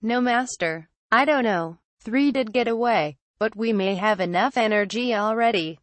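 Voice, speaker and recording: A woman's voice: on the high side, moderate pace, dry recording, lightly acted. A woman voicing a fearful male alien servant pleading with his master in a horror story reading. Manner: pleading, stammering.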